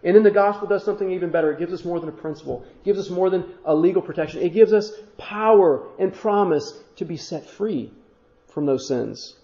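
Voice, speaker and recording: Man, pastor, earnest sermon, high voice, echoey church, muffled lo-fi sound. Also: brisk, warm tone. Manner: earnest preaching, voicing God's words in first person.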